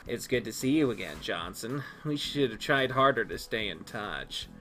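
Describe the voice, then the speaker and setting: A man voicing a blunt, sharp-tongued young male friend in a video game read-through. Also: medium pitch, expressive, normal speed, a little hiss or hum, voice pushed down, poor audio. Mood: dry. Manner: dry, blunt.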